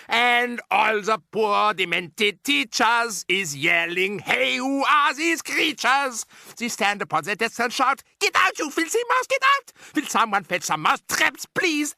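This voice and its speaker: A man voicing a ruthless, gloating female witch leader in an audiobook, shouting triumphantly in broken grammar. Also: high-pitched, vocal fry, no room sound, voice pushed up, heavily acted. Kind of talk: audiobook character voice.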